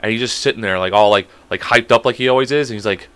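A man's voice: on the low side, fast, clear, resonant tone. A young man co-hosting a podcast, telling stories in casual, profane chat with lots of swearing. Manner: animated storyteller, heavy swearing. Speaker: podcast co-host.

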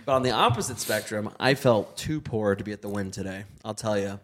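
A man's voice: lowish voice, lively intonation, fairly quick, crowd noise. A man of twenty-eight, a podcast guest, chatting casually with many filler words and a lot of swearing. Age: 20s. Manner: loose and profane, full of filler words. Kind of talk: casual chat.

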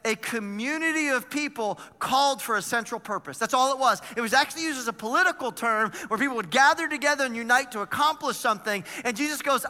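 A male pastor preaching an energetic sermon in a church, retelling scripture with lively paraphrased dialogue. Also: very high voice, fast, hardly any pauses, long reverb tail.

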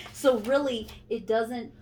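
A woman hosting a podcast in casual chat, telling a story with lots of laughter. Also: a little high. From Montana. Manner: giggly, animated storyteller. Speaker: podcast host.

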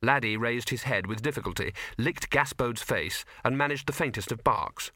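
A man narrating a comic fantasy audiobook with dry, expressive storytelling. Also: medium pitch, moderate pace, no room sound. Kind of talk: scripted narration.

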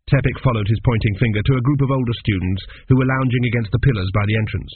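A man narrating a comic storybook with a measured, wry, unhurried delivery. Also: medium pitch, a little hiss or hum. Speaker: audiobook narrator. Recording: tinny phone-like sound.

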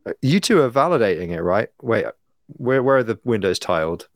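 A man's voice: mid-range voice, very animated, fairly quick, no room sound, studio quality. A man hosting a podcast who leads the segments with wry jokes and teasing. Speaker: podcast host. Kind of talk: casual chat.

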